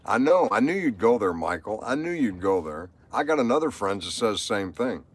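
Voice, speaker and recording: A man's voice: fairly low pitch, sing-song, a little fast. A middle-aged man talking on a live stream, rambling and repeating himself with strong emotion. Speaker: livestreamer. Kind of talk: live stream monologue, reading chat.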